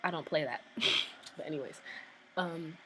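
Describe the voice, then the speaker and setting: A woman vlogger casually telling a story, chatty and excited, with lots of "like" and "um" fillers. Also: deep voice, moderate pace, a little hiss or hum, low-quality recording.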